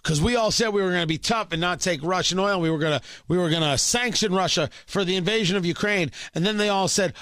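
A man's voice: sits high, fast talker, few pauses, fairly bright tone, no room sound, studio quality. A man hosting a political talk show, giving sarcastic, emphatic, incredulous commentary.

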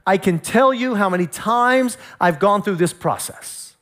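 High-voiced male pastor preaching. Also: a little slow, fairly bright tone. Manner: storytelling, acts out voices. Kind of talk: sermon.

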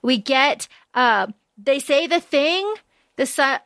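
A woman with a fairly high voice recaps a novel for her podcast in loose, chatty talk. She is blunt and swears now and then. The sound is close and dry, with no room echo. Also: animated, takes it slowly, a bit bright. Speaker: podcast co-host. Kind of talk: casual book-discussion chat.

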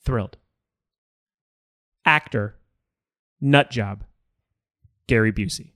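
A man's voice: takes it slowly, a bit bright, no room sound, studio quality. A man co-hosting a podcast in casual chat, joking and laughing often. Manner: joking, laughs often, quotes movie lines in a higher voice. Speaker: podcast co-host.

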